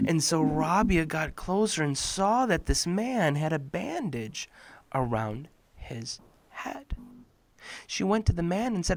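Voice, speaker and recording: A man hosts a children's story hour with theatrical flair. He drops to whispers, then rises to loud calls, recorded close and dry with no room sound. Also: sits high, expressive, takes it slowly, no echo. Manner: dramatic, swings between whispers and loud cries. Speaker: host and storyteller.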